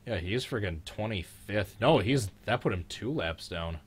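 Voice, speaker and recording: A young man hosts a live race reaction stream, his voice sitting low and deep. He jokes around, gets excited at the action, and lets slip the odd curse. A faint background hiss runs under the talk. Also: unhurried, hardly any pauses. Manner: joking, excitable, mild swearing. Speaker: host of a live-streamed racing reaction show.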